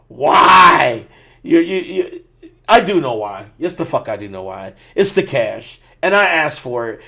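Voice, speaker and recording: A man's voice: fairly high pitch, vocal fry, fairly bright tone. A man hosting a podcast, ranting with a lot of swearing in casual chat. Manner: profane, ranting. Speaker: podcast host.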